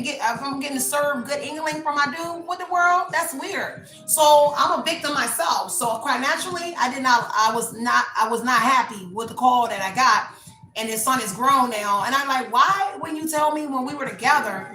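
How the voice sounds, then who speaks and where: A woman's voice: high-pitched, sharp tone, echoey room, low-quality recording. A woman giving a casual tarot reading, talking bluntly and rambling through a personal story. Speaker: tarot reader.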